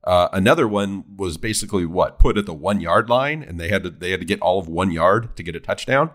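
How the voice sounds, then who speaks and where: A man's voice: low-pitched, fairly quick, a bit bright. A man co-hosting a casual sports talk show, rambling and restarting his sentences as he talks. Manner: rambling, many restarts and repeated words. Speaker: sports podcast co-host.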